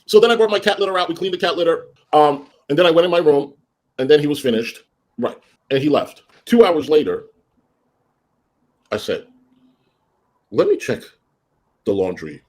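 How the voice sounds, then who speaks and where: A man rants through a story on his livestream with a slightly high voice. He acts out both sides of an argument, leaping up in pitch for quoted lines and dropping low when he grumbles. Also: expressive, brisk, pauses often, darkish tone. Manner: greets viewers in a high sing-song voice. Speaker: livestream host.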